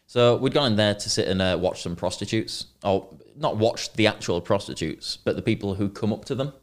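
A man's voice: fairly low pitch, lively intonation, brisk. A young man telling a rambling, sweary story in casual chat as a podcast co-host.

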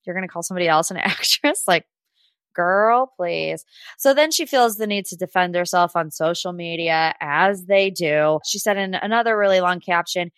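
This podcast host recaps reality TV casually, sounding sassy and gossipy and often addressing the people she discusses directly. She's chatty, laughs a lot, and says "like" constantly. Her voice is on the low side and fairly bright, at a moderate pace, recorded cleanly with no echo.

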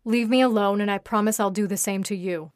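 A woman's voice: mid-range voice, fairly quick, dry recording, natural voice. A nervous captive man who pleads and whines, read by a woman without much change from her own voice. His lines come in anxious, protesting bursts. The recording is dry and close. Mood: pleading. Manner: pleading and whiny.

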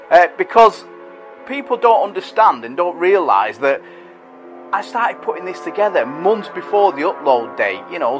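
A middle-aged man talks casually and at length as a podcast host. He rambles and pokes fun at himself. His voice sits a little high, and soft music plays faintly behind him. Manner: chatty, rambling, self-deprecating. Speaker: podcast host reading listener messages. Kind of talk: casual monologue.

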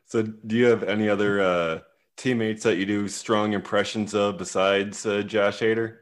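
A man's voice: lowish voice, fairly even intonation, moderate pace. A man hosting an interview who asks long, rambling questions full of fillers. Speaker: podcast host.

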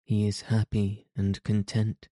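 A man's voice: on the low side, monotone, a little slow, mellow, no room sound, studio quality, close to an everyday voice. A man reading the lines of a distraught, betrayed wife, with clipped, bitter outbursts. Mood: bitter despairing.

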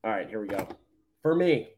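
A man's voice: on the low side, very animated, normal speed, darkish tone, slight background noise. A man co-hosting a casual morning sports show, talking in an easygoing, plain way with some hesitations. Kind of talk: casual sports radio chat.

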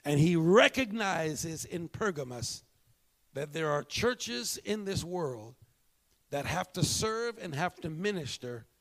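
A male pastor preaching a sermon, telling a story and moving between hushed, slow moments and emphatic bursts. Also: on the high side, animated.

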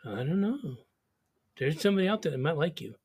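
A man's voice: a little high, sing-song, quick pace, a little mellow, slightly rough. A man joining a spirit board session, asking teasing, jokey questions in casual banter. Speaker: session participant.

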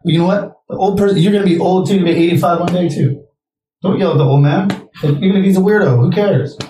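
A man's voice: high voice, fast, dark tone, far from the mic. A young man co-hosting a podcast in casual chat, a rambling storyteller who swears freely. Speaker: podcast co-host. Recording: echoey room, off-mic.

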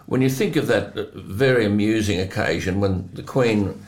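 An older man hosts a talk show and tells his anecdotes at an easy, chatty pace. He chuckles often and drops quick asides as he goes. The sound is roomy and echoey. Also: fairly low pitch. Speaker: host. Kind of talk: conversational storytelling.

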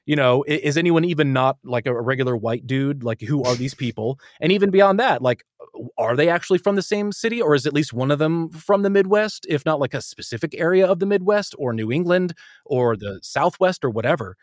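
A man with an American accent, an audiobook narrator, talking animatedly in a casual interview and jumping quickly between ideas. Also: fairly high pitch, lively intonation, no room sound, studio quality. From United States.

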